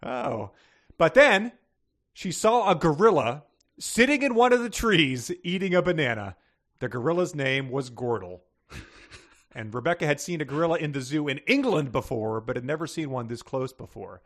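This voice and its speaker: A man's voice: on the high side, lively intonation, normal speed, a bit bright. Male co-host, casual reader, wry and amused, often laughing. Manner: laughs often, with wry asides and many fillers. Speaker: podcast co-host. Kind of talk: casual chat, reading aloud from a book.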